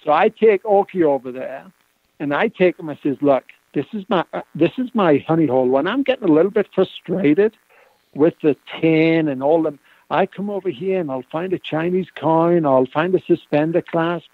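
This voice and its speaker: Guy telling funny stories over a phone line, kinda high voice, dry and tinny. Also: moderate pace, no echo. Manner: chatty, laughing anecdotes. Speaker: guest metal detectorist. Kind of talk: casual storytelling on a call-in radio show.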